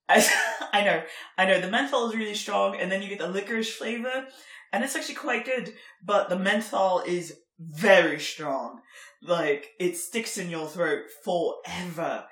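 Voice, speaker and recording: A woman's voice: on the low side, normal speed, a bit bright, echoey room. A young woman from Germany co-hosting a podcast, chatting casually with lots of fillers and laughter. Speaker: podcast co-host. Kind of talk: casual chat.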